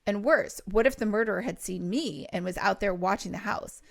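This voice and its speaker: Gravelly-voiced woman reading aloud. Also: medium pitch, a little fast, no echo, clean studio sound. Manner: casual, laughs in asides. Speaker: podcast host reading aloud. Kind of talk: storybook read-aloud with chatty asides.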